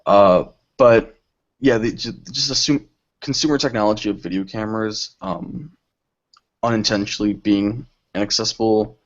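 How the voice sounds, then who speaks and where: A young man with a fairly low voice answers interview questions in a relaxed, reflective way. His speech comes through dull, muffled audio from an online call. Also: moderate pace. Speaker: filmmaker guest.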